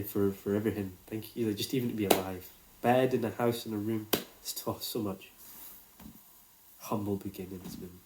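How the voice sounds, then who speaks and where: A man's voice: medium pitch, darkish tone. A man, telling a personal story in a casual, reflective way, swearing freely.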